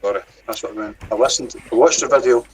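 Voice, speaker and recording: A Scottish man chatting as a guest in a casual online hangout, with a husky voice. He talks bluntly, swears freely and jokes around. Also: medium pitch, fast talker, low-quality recording. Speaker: chat guest. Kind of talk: casual chat.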